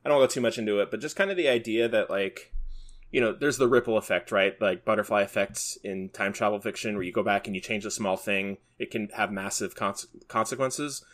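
A man with a somewhat low, slightly bright voice talks a little fast. He's co-hosting a podcast, chatting casually and rambling, with plenty of fillers and restarts.

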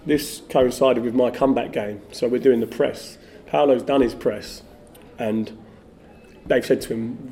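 A middle-aged former footballer, guesting on a podcast, tells anecdotes in a mid-range voice without hurrying. His storytelling is casual, animated and lively, full of fillers such as "like."

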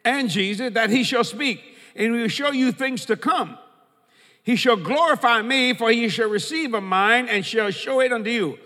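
A man's voice: very high-pitched, normal speed, sharp tone, big-room sound. A man preaching a sermon as pastor, quoting scripture and repeating key lines for emphasis.

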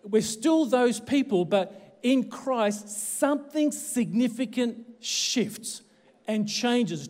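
An Australian man preaching a sermon, his voice ringing with a long reverb. His pitch sits high for a man, and he keeps the talk light with jokes at his own expense. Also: darkish tone. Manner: jokey, self-deprecating. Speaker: pastor. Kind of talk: livestreamed sermon.

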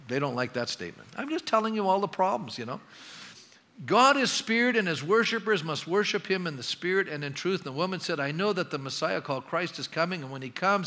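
A man preaching a sermon as pastor, animated and reading scripture dialogue with emphasis. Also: on the high side. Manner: animated, acts out the dialogue he reads with rising emphasis. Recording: long hall reverb.

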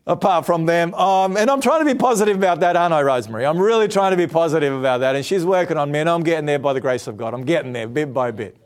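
Aussie preacher guy, earnest tv sermon, fairly high voice, lots of rhetorical questions. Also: fast. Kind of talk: televised sermon. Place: TV studio.

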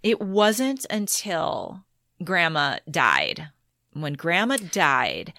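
A middle-aged woman speaks in a lowish, relaxed voice, recalling her past in an open, conversational way. She livens up when she quotes others, and the sound is close and dry with no room echo. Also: very slow. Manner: candid storytelling, animated when quoting others. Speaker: podcast guest. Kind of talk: casual conversational interview.

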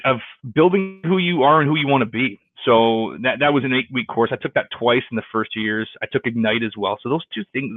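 A man talks through his career in a relaxed interview, circling back with restarts and acting out the people in his story. His voice comes through a narrow, tinny line with no room sound. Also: medium pitch, creaky, dry recording. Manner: rambling, with many restarts and quoted dialogue. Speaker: real estate agent. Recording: tinny phone-like line, dry.

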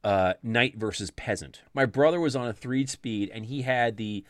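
A man's voice: mid-range voice, moderate pace, no room sound, studio quality. A man casually telling a childhood story, laughing often and acting out the voices in quotes.

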